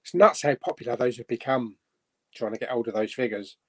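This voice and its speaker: A man's voice: mid-range voice, a little fast, husky. A man hosting a casual live-stream chat, bantering and swearing casually. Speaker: host.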